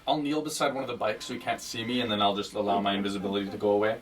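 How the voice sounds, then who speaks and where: Fast-talking chatty man at a game table. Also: on the low side, little pitch movement, crowd noise. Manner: quick, chatty, jokey. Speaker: player. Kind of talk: casual tabletop play. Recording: distant mic with clear music.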